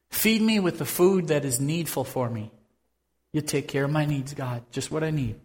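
A man preaching a conversational sermon as pastor, swinging from loud bursts to hushed tones. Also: a little high, expressive, normal speed, long reverb tail.

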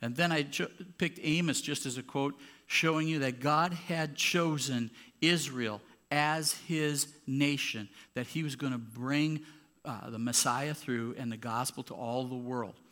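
A man's mid-range, slightly bright voice carries a sermon at a measured pace through a church sanctuary. The pastor sounds conversational, stressing points emphatically, and a handheld or clip mic adds popping.

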